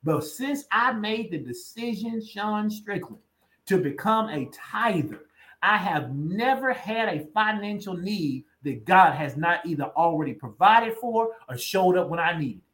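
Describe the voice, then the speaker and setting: Male co-pastor, high voice, emphatic conversational preaching that drives points home by repetition. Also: expressive, a little slow, fairly bright tone. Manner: emphatic, repeating lines for weight. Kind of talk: conversational sermon.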